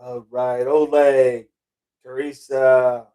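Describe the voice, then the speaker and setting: A man's voice: medium pitch, little pitch movement, slow pace, mellow, clean tone. A middle-aged man hosting a casual livestream, reading out viewer chat and rambling off on tangents, laughing and swearing casually. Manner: rambling, loses his train of thought, laughs and swears casually.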